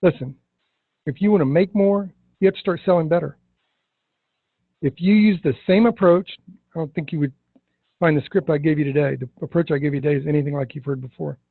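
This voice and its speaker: A man teaching insurance agents in a sales training session, stressing key words and slowing down for effect. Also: fairly high pitch, gravelly, slightly rough, no echo, phone-quality sound. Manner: emphatic, slows down to stress words.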